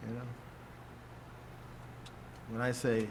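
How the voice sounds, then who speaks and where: A man's voice: medium pitch, normal speed, a bit bright, a little hiss or hum. An older man teaching in a loose, rambling way, who keeps checking in with "see?" and chuckles often. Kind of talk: casual teaching talk.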